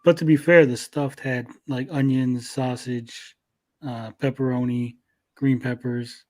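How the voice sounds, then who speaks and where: Male host, casual stream chat, laid-back, swears freely, mid-pitched voice. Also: fairly even intonation, a little slow, a little mellow. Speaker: podcast host.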